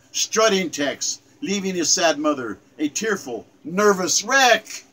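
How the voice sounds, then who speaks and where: A man's voice: high-pitched, pushed and bright, rough recording. A man in his seventies earnestly reciting his own sonnet, emphatic and repeating phrases with small stumbles. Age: 70s. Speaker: poet.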